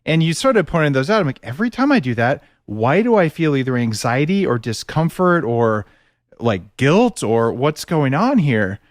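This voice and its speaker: A man's voice: a little high, very animated, normal speed, dry recording, studio quality. A man hosting a podcast interview, talking reflectively and candidly about his own experience. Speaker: podcast host. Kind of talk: conversational interview.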